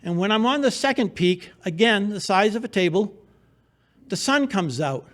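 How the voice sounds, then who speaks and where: A man's voice: high-pitched, animated, moderate pace, fairly bright tone. A man telling a personal adventure story on stage at a live storytelling show, in a wry, humorous, vivid present-tense way. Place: theater stage before an audience.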